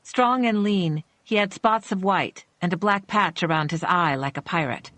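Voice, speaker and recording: A woman narrating a suspense thriller audiobook in a measured, tense storytelling manner. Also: on the low side, a bit bright, no echo.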